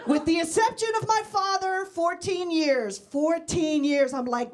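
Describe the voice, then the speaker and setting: A woman's voice: extremely high pitch, a little slow, hardly any pauses. A middle-aged woman from Mexico doing a bawdy stand-up set on stage with a handheld mic, talking straight to the audience. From Mexican-American. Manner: brash, bawdy, talks to the crowd. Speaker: stand-up comedian. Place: comedy club stage before a live audience. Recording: noisy live crowd. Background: audience laughter.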